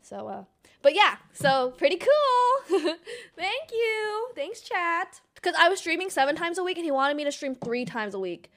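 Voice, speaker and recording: A young woman chats casually on her stream, excitable and quick to giggle. Her voice sits high, and she swears freely and breaks into squeals. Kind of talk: casual livestream chat, reacting to an old clip.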